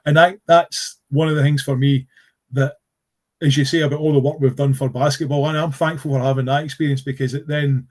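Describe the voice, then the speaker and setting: A man's voice: mid-range voice, darkish tone. A middle-aged man from Scotland with a Scottish accent, telling stories in a casual podcast chat, rambling with lots of fillers and restarts, earnest about his subject. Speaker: podcast guest. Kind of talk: casual conversational storytelling.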